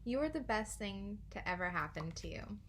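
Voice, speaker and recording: A woman's voice: medium pitch, lively intonation, normal speed, background noise. A young woman casually reading oracle cards, chatty and giggly, swearing freely. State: out of breath. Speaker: tarot card reader.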